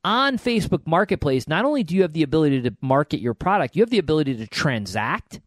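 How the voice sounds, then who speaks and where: A man's voice: fairly high pitch, big pitch swings, fast talker, no room sound. A middle-aged man co-hosting a podcast, telling stories and giving encouraging advice in a casual way with frequent restarts.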